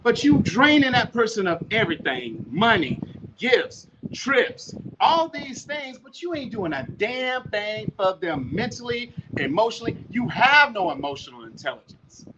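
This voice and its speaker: Profane ranting podcast man, high voice. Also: sing-song, unhurried. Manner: blunt, profane, preachy. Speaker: podcast host. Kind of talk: ranting monologue. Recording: muffled with loud noise.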